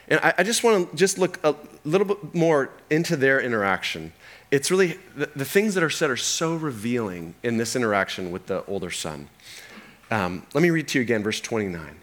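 Male pastor, animated storyteller sermon, mid-pitched. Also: fairly quick. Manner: animated storytelling, acts out the characters.

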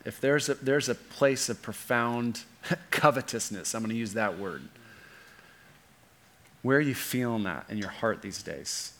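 A man preaching a sermon as pastor, earnest, often slowing down and dropping softer to press a point. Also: mid-range voice. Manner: earnest, slows and softens for emphasis.

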